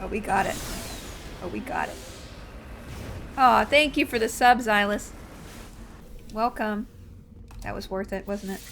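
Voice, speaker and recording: A woman in her forties chatting excitedly while playing a game live, with loud exclamations. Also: medium pitch, a little slow, pauses often, slight background noise. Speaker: streamer. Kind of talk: live gameplay commentary.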